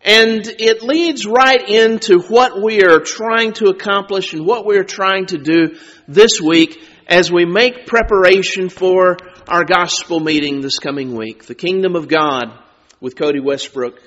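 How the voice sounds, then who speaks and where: A man preaching a sermon, slow and deliberate, drawing out words for emphasis. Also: sits high, fairly bright tone. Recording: dull sound with long reverb.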